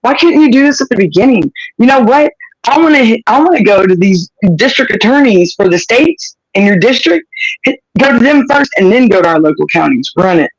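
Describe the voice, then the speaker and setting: A man's voice: sits high, animated, a little fast, no echo, low-quality recording. A man hosting a livestream, talking in a passionate, blunt rant and cussing freely. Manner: impassioned, blunt, cusses freely. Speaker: livestream host.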